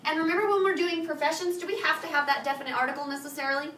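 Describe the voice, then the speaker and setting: A woman teaching a Spanish review lesson to a high school class, firing questions and having students repeat after her. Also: steady tone, rapid-fire, a bit bright, slight background noise. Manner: drills students with call-and-response questions. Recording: echoey classroom from far off.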